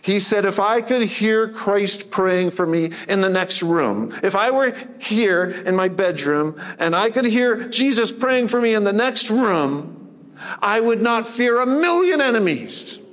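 A man's voice: sits high, expressive, a little slow, fairly bright tone. A man preaching a sermon as pastor, earnest and plain-spoken, rising to emphatic force when he recites scripture. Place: church sanctuary. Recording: sermon with long hall reverb.

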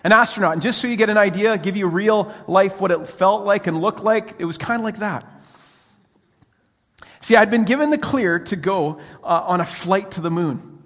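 A man preaching a sermon as pastor, telling a story with animated energy and frequent restarts. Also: high-pitched, moderate pace, big-room sound.

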